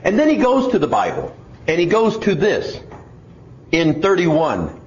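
A man's voice: sits high, huge pitch swings, unhurried. A man preaching a sermon, putting mock questions to himself and answering them. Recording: echoey, dull lo-fi room recording.

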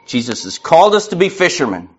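A man's voice: a little high, very animated, fast, soft background music. A man preaching a sermon earnestly, acting out the voices in his quotes. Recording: muffled lo-fi recording.

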